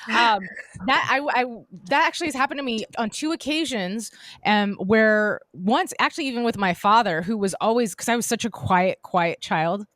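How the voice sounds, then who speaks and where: A woman's voice: a little high, expressive, moderate pace, fairly bright tone, no echo, clean studio sound. A woman co-hosting a podcast, telling a long personal story in a chatty, rambling way with many restarts. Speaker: podcast co-host. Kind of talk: casual chat.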